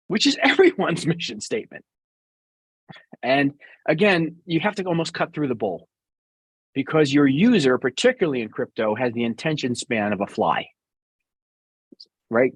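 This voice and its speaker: Blunt husky man with New York accent. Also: medium pitch, big pitch swings, a little fast, pauses often, no room sound. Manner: blunt, emphatic, sarcastic. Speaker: guest business speaker. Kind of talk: blunt conversational interview answers.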